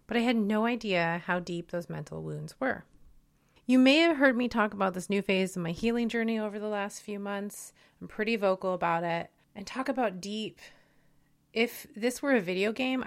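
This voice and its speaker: A woman's voice: mid-range voice, vocal fry. A woman in her forties hosting a solo podcast, speaking in an earnest, personal way. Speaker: podcast host.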